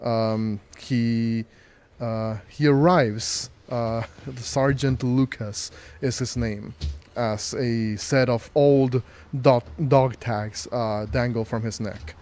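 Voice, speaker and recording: A man describes scenes as game master of a tabletop game. He hesitates a lot and fills gaps with ums and uhs. His voice is mellow and dark. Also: mid-range voice, steady tone, slow. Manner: hesitant, lots of fillers.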